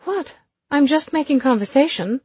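A woman voicing a brash, blunt aristocratic lady who teases loudly and bawdily. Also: high-pitched, animated, normal speed, no room sound, lo-fi sound, pitched above the performer's own voice. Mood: cheeky. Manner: loud, cheeky and bawdy. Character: brash posh older woman, teasing and blunt.

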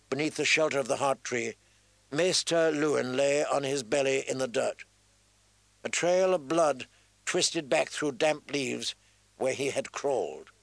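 Male narrator, unhurried, gravelly, dry studio read. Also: medium pitch, dry recording. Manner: measured, even storytelling. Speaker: audiobook narrator. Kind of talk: scripted narration.

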